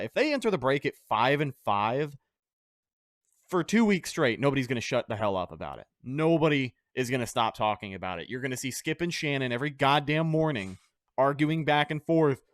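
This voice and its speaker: A man's voice: medium pitch, dry recording, studio quality. Brash man hosting a sports podcast. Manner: brash, swears freely, confident. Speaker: podcast host. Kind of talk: casual sports podcast chat.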